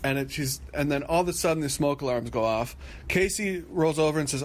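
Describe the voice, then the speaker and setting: A man co-hosting a podcast, rambling through a lively recap of a reality show and now and then mimicking the people in it. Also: on the high side, brisk. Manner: animated retelling, mimics quoted people; rambling with frequent restarts. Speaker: podcast co-host.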